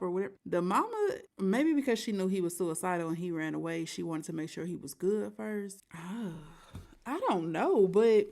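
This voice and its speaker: A woman's voice: medium pitch, animated, moderate pace. Blunt woman reacting to a story. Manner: blunt, outspoken. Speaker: reaction host. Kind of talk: reaction commentary.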